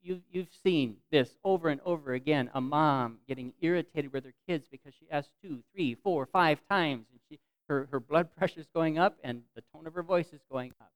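Earnest male preacher, smooth dry voice. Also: fairly high pitch, moderate pace, dry recording, poor audio. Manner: earnest, reads scripture aloud, voice swells and drops. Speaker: pastor. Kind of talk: sermon.

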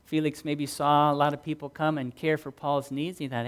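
A middle-aged male pastor preaching a sermon, earnest and story-driven, moving between loud emphasis and quiet, low-key passages. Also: little pitch movement, moderate pace, clear, resonant tone.

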